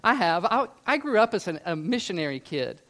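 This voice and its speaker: A man's voice: high voice, very animated, brisk, fairly bright tone. A man who grew up in Scotland, preaching a sermon in an earnest, emphatic way and asking the listeners rhetorical questions. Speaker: pastor.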